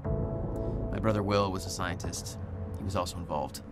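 An actor playing a video game protagonist, speaking in a measured, grim narration. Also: male voice, low-pitched, fairly even intonation, natural voice. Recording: game audio with music underneath.

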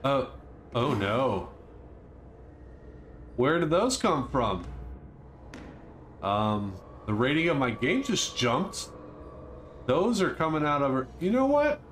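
A man playing a horror game and commenting on it with jokes, breaking into panicky yelps and shouts when something startles him. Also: medium pitch, animated, slow, pauses often, slight background noise. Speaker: let's play gamer.

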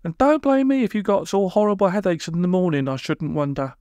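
A man's voice: high-pitched, brisk, darkish tone, clear, resonant tone, dry recording, pitched above the performer's own voice, lightly acted. A man voicing a blunt, indignant nine-year-old girl who talks in brash, slangy scolds. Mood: scolding.

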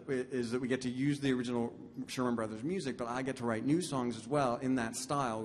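A man's voice: mid-range voice, a little hiss or hum. A man, a composer and lyricist, chatting casually on stage, enthusiastic and self-deprecating. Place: concert stage. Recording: long hall reverb.

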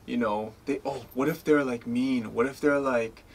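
A man's voice: medium pitch, normal speed. A man in his twenties from the United States, a guest telling stories in a casual interview, acting out quoted lines with lots of "like" and "you know". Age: 20s. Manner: animated storyteller, acts out quoted lines.

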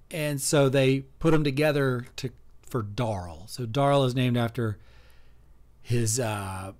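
A comedian hosting a casual livestream chat, joking through rambling, absurd tangents. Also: male voice, medium pitch, slow pace, darkish tone.

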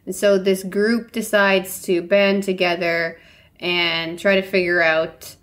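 A woman co-hosting a book podcast, summarizing a story in a relaxed, casual way with fillers. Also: mid-range voice, slow pace. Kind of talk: casual chat.

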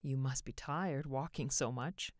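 A woman's voice: a bass voice, unhurried, dry recording, studio quality. A woman voicing a kindly older mother. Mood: gentle.

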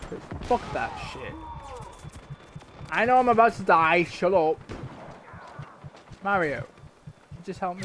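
A man's voice: high voice, noisy background. A man streaming a game live, swearing constantly and grumbling in frustration as he plays. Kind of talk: live gameplay commentary.

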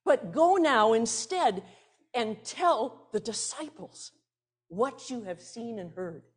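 A gentle male teacher speaks tenderly and slowly, giving calm instructions, as a woman preacher voices him in a Bible story. The voice is fairly high and breathy, with an unhurried pace. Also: exaggerated voice.

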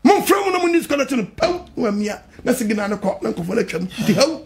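A man with a Ghanaian accent preaching fervently in a call-and-response sermon, repeating lines and breaking into shouts and sung phrases. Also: very high-pitched, sing-song, very fast, gravelly.

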